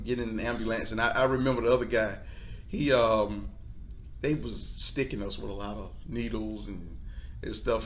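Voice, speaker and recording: Animated man telling a personal story. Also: mid-range voice, a little hiss or hum. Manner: animated, acts out quoted voices, laughs often. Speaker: guest. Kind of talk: storytelling testimony.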